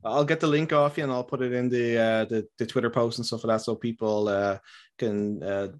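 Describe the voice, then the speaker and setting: A man's voice: medium pitch, fairly even intonation, fairly quick. A man hosting a casual podcast chat, easygoing and joking, swearing freely. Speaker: podcast host.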